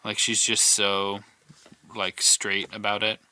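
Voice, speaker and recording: A man's voice: fairly low pitch, completely flat delivery, takes it slowly, bright, forceful tone, clear, resonant tone, no echo. A man co-hosting a podcast in casual chat, rambling and piling up questions. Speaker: podcast co-host.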